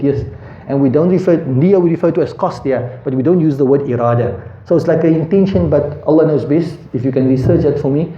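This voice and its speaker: A man teaching a Quran lesson, thinking aloud, quizzing his students, and reciting Arabic verses swiftly. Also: on the high side. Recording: echoey room, dull lo-fi sound.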